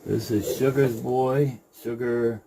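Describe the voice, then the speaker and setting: A middle-aged rabbit breeder gives a casual video update, speaking in an unhurried, halting way and sometimes cooing softly to his animals. His voice is medium-pitched and steady, with background noise audible.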